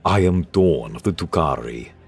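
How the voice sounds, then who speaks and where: Four-eyed armored alien guy, blunt curious questions, deep voice, read by a man. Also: expressive, normal speed, vocal fry, slightly rough, soft background music, heavily acted. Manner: blunt questioning, plain phrasing.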